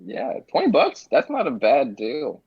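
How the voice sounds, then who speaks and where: A man as a podcast guest, talking in a relaxed, rambling casual chat full of fillers. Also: mid-range voice, a little slow, husky, no echo, dull audio.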